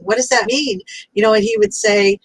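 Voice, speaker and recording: A woman's voice: sits high, big pitch swings, a little fast, vocal fry, rough recording. A woman hosting a chat over a video call, speaking in an effusive, enthusiastic way. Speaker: host. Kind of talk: casual chat.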